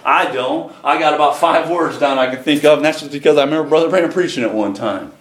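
Pastor guy preaching, kinda high voice, plain folksy talk, roomy church echo. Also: fast. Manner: plain-spoken, folksy and earnest. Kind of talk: sermon. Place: church sanctuary. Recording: roomy echo, faint ambient noise.

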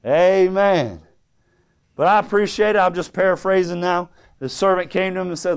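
Fervent high-voiced male preacher. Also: normal speed, gravelly, smooth. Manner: fervent, swings from quiet to loud, quotes scripture in old English. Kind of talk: sermon.

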